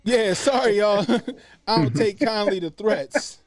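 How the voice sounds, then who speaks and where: Casual streamer, man, animated and profane, dry close mic. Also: high-pitched, takes it slowly, dry recording. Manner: animated, profane, acts out quotes. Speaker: host. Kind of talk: casual livestream commentary.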